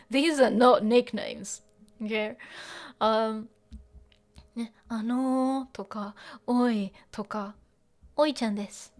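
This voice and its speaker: A woman's voice: a little high, steady tone, unhurried, pauses often. A woman teaching Japanese in a casual lesson, explaining in English with Japanese phrases mixed in, many fillers and frequent little laughs. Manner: laughs often while explaining.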